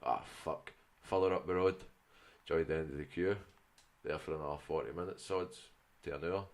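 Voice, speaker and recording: A man's voice: rumbling low, fairly even intonation, normal speed, a little hiss or hum. A man with a Glasgow accent, co-hosting a podcast and telling a sweary story in casual banter. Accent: Glaswegian. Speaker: podcast co-host. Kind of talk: casual chat.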